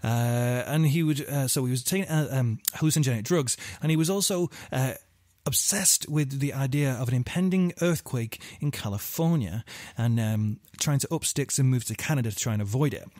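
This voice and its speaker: A man's voice: medium pitch, brisk, few pauses, darkish tone, dry recording, clean studio sound. A man hosting a true-crime podcast, telling the story in a loose, rambling way with lots of fillers and offhand swearing. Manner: rambling, full of fillers and asides, swears casually. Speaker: podcast host.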